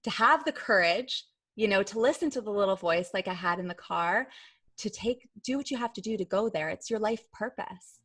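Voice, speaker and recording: A woman's voice: medium pitch, expressive, moderate pace, fairly bright tone, slightly rough, no room sound. A woman guest on a podcast, telling a personal story in a chatty way, full of filler words. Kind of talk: storytelling in a casual interview.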